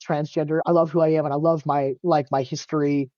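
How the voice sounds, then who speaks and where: A man talking as a podcast guest, loose and chatty, with lots of filler words and easy swearing. His voice is warm and mellow in a dry, close sound. The audio is a bit dull and lo-fi. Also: fairly high pitch, fairly quick, no echo. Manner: casual, animated storytelling, heavy use of "like", swears freely. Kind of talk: casual interview chat.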